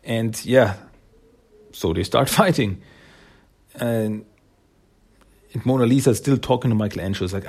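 A man's voice: mid-range voice, normal speed, long pauses, a little mellow, breathy edge. A man casually recapping a cartoon episode, rambling with fillers and chuckles.

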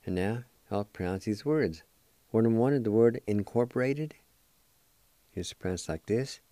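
A man hosting a radio language lesson, spelling out words letter by letter and repeating each one slowly for listeners to practice. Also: on the low side, warm tone, no echo. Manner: slow, careful spelling out of letters and syllables; repeats each word several times for practice.

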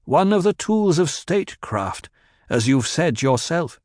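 A man's voice: mid-range voice, animated, moderate pace, no echo, clean studio sound, voice pushed up, lightly acted. A man voicing a cold, commanding young duke.

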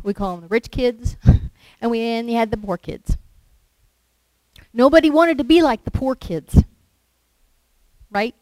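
A woman's voice: on the high side, a little mellow, no echo, low-quality recording. Woman giving a conversational sermon. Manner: conversational, with rhetorical questions and acted quotes. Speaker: lay preacher.

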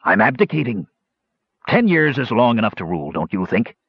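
A man's voice: medium pitch, big pitch swings, a little fast, vocal fry, slightly rough, no room sound, lo-fi sound, exaggerated voice. A man voicing a capricious, mad old gnome king who mocks and threatens in an idle, sing-song way. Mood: mocking.

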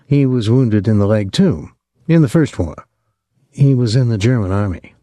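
A man's voice: on the low side, animated, moderate pace, dark tone, no echo, natural voice. A man reading as a young woman secretary, raising his voice to speak for her in a careful, slightly stiff way.

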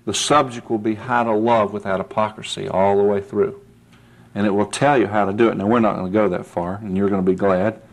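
A man's voice: fairly low pitch, fairly even intonation, brisk. A male preacher delivering a sermon with earnest conviction. He talks in a folksy, conversational way and often checks in with his listeners. His voice climbs to emphatic peaks when he presses a point. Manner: folksy, asks "see?" often.

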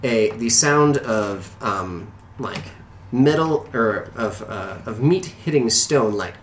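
A man's voice: medium pitch, animated, takes it slowly, a little hiss or hum. A man narrating as game master of a tabletop game, hesitant and full of fillers. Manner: hesitant, many fillers and restarts. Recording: echoey room.

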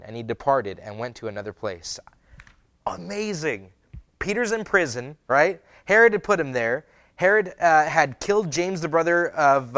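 A man preaching a sermon, reading scripture aloud and then retelling it in lively, casual words with many fillers. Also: medium pitch, no echo. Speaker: pastor.

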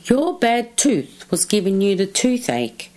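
A woman's voice: medium pitch, sing-song, unhurried, darkish tone, voice pushed up. A woman voicing a small, brave and helpful male mouse in a children's storybook reading. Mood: kindly.

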